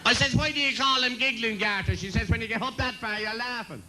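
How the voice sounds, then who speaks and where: A comedian rattles through bawdy jokes on a club stage and laughs at his own punchlines. His voice is high and bright, with a cheeky edge. A faint hiss sits behind him. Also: fast talker, rough recording. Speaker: comedian and compere. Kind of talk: live bawdy stand-up jokes.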